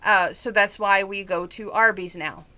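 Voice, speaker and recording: Woman, middle-aged, bright tone, medium pitch, folksy casual vlog update, fighting emotion. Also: steady tone, unhurried. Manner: chatty and folksy, trying not to get emotional. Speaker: vlogger giving a personal update. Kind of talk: casual chat to viewers.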